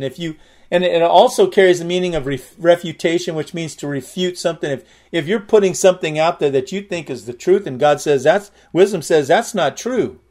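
A middle-aged man preaching a sermon in a conversational way, repeating and restarting words and slowing down to stress key lines. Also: fairly high pitch, a little mellow.

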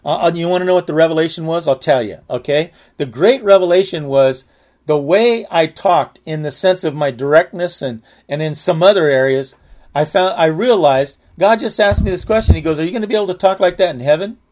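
A man's voice: fairly high pitch, moderate pace, darkish tone. A man sharing a personal testimony in a candid, earnest, conversational way.

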